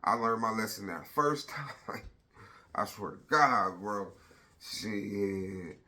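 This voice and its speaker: Guy in his 30s venting on his vlog, crisp bright voice, cussing a lot, storytelling mode. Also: fairly low pitch, takes it slowly. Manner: blunt, profane, animated retelling. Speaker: father telling his story.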